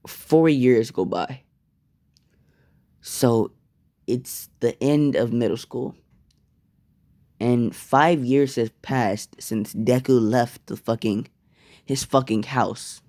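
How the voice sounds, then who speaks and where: A man's voice: medium pitch, takes it slowly, long pauses, warm tone, no room sound. A young man casually telling a fan-fiction story, rambling and swearing.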